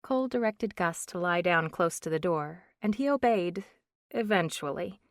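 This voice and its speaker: A woman narrating a romance audiobook in an even, measured reading. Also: lowish voice, no echo, studio quality. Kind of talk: scripted narration.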